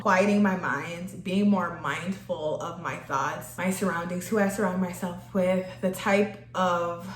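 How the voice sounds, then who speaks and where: A young woman chatting casually while getting ready, laughing often and getting emotional, close to tears. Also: on the low side. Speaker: vlogger. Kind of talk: casual get-ready-with-me chat. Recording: echoey room.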